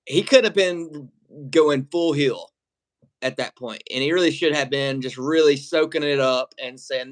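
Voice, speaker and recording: This co-host of a wrestling reaction stream keeps the chat loose and rambling, swearing freely and laughing mid-sentence. He has a slightly high voice and an unhurried pace.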